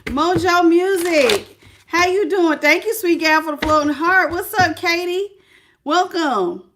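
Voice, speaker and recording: A woman's voice: very high-pitched, unhurried, a bit bright, a little hiss or hum. A middle-aged woman reading tarot on a livestream, chatting casually with viewers, greeting them by name and calling them baby. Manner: prayerful invocation. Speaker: tarot reader.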